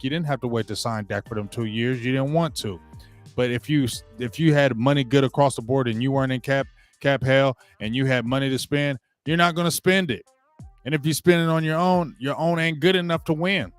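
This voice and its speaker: A man in the middle of a heated sports rant, talking at an ordinary mid pitch. He repeats himself and trips over his words, then mimics the people he criticizes. Faint music plays behind him. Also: clean tone. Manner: heated, repetitive, stumbles and restarts, mocking quotes. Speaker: sports show host. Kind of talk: opinionated sports commentary rant.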